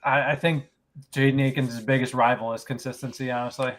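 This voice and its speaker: Man, mid pitch, guest on a sports podcast, dry humor, casual chat. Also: little pitch movement, fairly quick.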